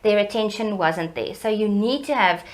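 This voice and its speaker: A middle-aged woman educator, explaining child development in a lively, teacherly way in an interview. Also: normal speed. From South Africa. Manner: animated, teacherly, varies pitch and loudness for emphasis.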